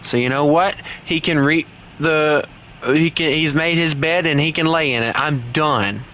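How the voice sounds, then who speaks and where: A young man talks slowly over his game in a bright, forward voice, rambling loosely and now and then venting at the screen. A faint hiss runs under his desk-mic recording. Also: fairly high pitch, highs cut off. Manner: loose, rambling, swings into loud frustrated outbursts. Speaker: gaming streamer. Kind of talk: casual gameplay commentary.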